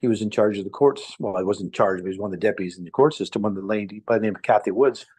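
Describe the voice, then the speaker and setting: A man's voice: on the low side, rapid-fire, a little mellow, breathy edge. An older man, a former police officer from Nevada, telling a long story in a rambling, hesitant way with many fillers. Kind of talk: casual storytelling on a live stream.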